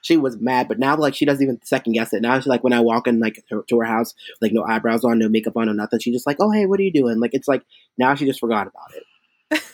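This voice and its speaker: A man who performs as a drag queen, telling chatty, animated stories in a casual interview, with lots of fillers. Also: mid-range voice, fast, dry recording.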